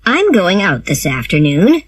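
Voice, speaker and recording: Woman doing a stern older guardian, storybook voice, lower pitch, firm, matter-of-fact, slow. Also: huge pitch swings, husky, no echo, heavily acted.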